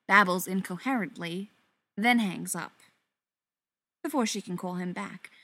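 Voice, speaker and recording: Expressive woman reading a story aloud. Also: medium pitch, no echo. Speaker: reader. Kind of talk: reading fan fiction aloud.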